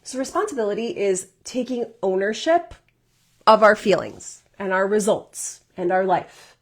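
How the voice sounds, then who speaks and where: A woman's voice: mid-range voice, animated, measured pace. A woman life coach giving a workshop talk, earnest and encouraging, often checking in with "right?" as she goes.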